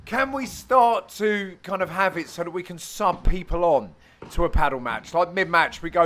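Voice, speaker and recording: A young man, the host, giving cheeky, self-mocking voice-over commentary on highlights of his own amateur match. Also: lively intonation, normal speed, a bit bright. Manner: cheeky, self-mocking banter with frequent laughs.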